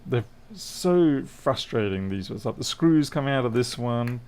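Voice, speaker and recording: A middle-aged Australian man chats casually and self-deprecatingly on a repair livestream from an indoor workshop, where he fixes electronics. His medium-pitched voice is expressive, a little slow, clean, and darkish in tone.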